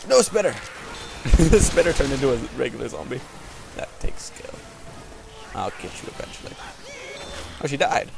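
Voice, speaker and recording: A man's voice: medium pitch, very animated, normal speed, creaky, long pauses, music in the background. A man rambling and joking as he comments on a video game, talking to its characters. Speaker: gaming video host. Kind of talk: let's play commentary. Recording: game gunfire over voice. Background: video game gunfire and ambience.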